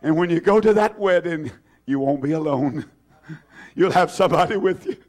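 A man preaching an impassioned sermon, fervent and repetitive, swinging between loud cries and hushed, tender lines. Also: a little high, normal speed.

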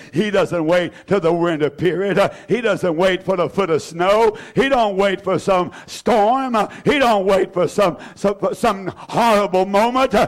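A high-pitched man preaches to his church with fervor. He repeats his phrases, rises to loud cries, then drops to soft, hushed lines. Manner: fervent, repetitive, swings from loud to hushed. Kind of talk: impassioned sermon.

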